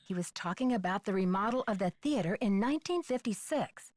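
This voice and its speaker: A woman voicing a sharp young female amateur detective in a video game, inquisitive and methodical. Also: medium pitch, expressive, fairly quick, no echo, studio quality, lightly acted. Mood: thoughtful.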